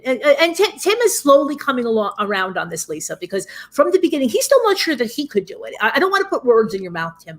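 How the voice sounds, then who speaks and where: Lady host, chatty, moving the convo along, ordinary mid pitch. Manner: chatty, steers the talk with quick follow-up questions. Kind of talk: casual chat.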